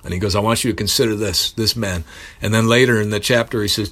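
A man preaching a sermon, earnest and building to emphatic bursts, pausing to correct himself. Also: on the low side, steady tone, fairly bright tone, breathy edge.

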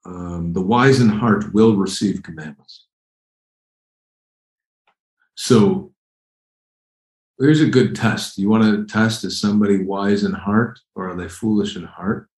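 Mężczyzna, niski głos, kazanie w pogłosie. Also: male voice, fairly low pitch, slow pace, pauses often, a little mellow, roomy sound, low-quality recording. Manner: conversational, emphatic, repeats phrases. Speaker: preacher. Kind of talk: expository sermon.

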